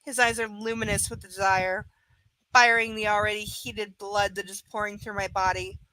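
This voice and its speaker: A woman's voice: mid-range voice, level tone, normal speed, bright, forceful tone, dry recording, rough recording. A woman reading a romance novel aloud to a live audience, breaking off for frank, profane asides. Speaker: live book reader. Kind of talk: live reading with blunt commentary.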